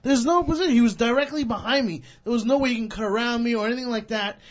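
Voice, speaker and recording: A man, a show producer, telling a profane, heated story and loudly acting out a street argument. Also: very high voice, fast, highs cut off. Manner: profane, heated retelling with loud acted-out shouting. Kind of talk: casual storytelling.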